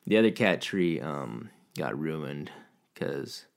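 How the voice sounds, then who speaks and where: A man casually vlogging from home, a profane, animated storyteller who rants about his day. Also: rumbling low, takes it slowly, creaky. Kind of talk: casual rambling monologue.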